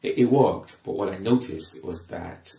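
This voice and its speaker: A middle-aged man from England, a comedian chatting casually on a podcast, animated, repeating himself, with sudden loud rises. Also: deep voice, measured pace, vocal fry, echoey room. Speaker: comedian guest.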